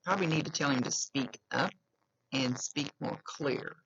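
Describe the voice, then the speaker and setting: Woman with a lisp, psychic medium, gravelly voice, dull lo-fi recording. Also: very deep voice, normal speed, a bit bright. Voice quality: slight lisp. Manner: earnest, reassuring, repeats key phrases. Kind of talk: giving a spoken reading to a client.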